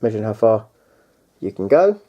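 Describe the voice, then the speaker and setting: Unboxing a tabletop game, this man talks casually in a lowish, sing-song voice at a moderate pace, with the highs cut off. He keeps addressing viewers as guys while rambling, hesitating, and restarting.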